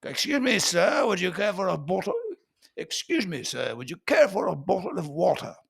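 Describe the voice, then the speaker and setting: A man voicing a posh, upper-class British waiter who is overly polite and crisply precise. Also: sits high, sing-song, normal speed, voice pushed up, heavily acted.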